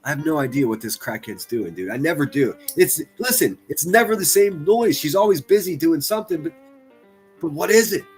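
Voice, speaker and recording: A male streamer riffing with crude, sarcastic mockery, his pitch swinging up and down as he talks. Faint music plays under his voice. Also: animated, brisk. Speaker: commentary streamer host. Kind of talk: livestream reaction commentary.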